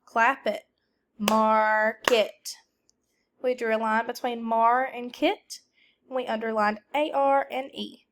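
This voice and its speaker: Woman schoolteacher, measured pace, calling out words for the class to repeat. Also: a little high, fairly even intonation, a bit bright, slight background noise. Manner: slow, deliberate teacher talk, calling out words for students to repeat. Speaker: teacher. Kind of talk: recorded classroom lesson for a substitute.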